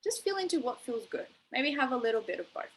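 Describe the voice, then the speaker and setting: A woman's voice: high voice, sing-song, quick pace, a little hiss or hum, low-quality recording. A young adult woman coaching a live online masterclass, enthusiastic and encouraging, using spiritual wording. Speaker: manifestation coach.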